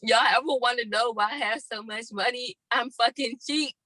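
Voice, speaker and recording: Casting note: woman co-host, blunt and profane, bright voice with a dry, close sound. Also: a little high, moderate pace, no echo, rough recording. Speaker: podcast co-host. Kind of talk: casual chat.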